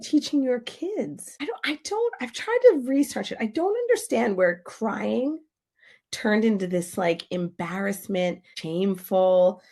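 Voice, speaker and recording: A woman talking on a podcast as a grief expert, her voice carrying a gravelly, fried edge. She speaks with emphatic energy and slips into little acted-out voices to make her points. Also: medium pitch, a little slow. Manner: animated, emphatic, acts out quoted voices. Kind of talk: podcast interview.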